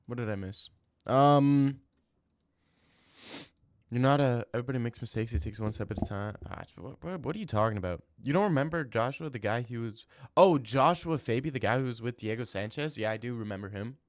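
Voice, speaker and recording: A young man livestreams while reading chat, talking casually with viewers and trash-talking them in slangy, rambling bursts. His medium-pitched voice moves a little fast, and the audio is clean studio sound with no echo.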